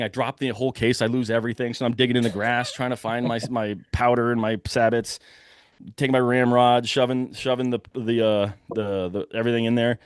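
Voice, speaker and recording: A young man telling a hunting story in a lively, casual way, acting out the shouts of the people in it. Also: mid-range voice, clean tone, dry recording, clean studio sound. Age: young adult. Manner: animated, breathless retelling with quoted shouts.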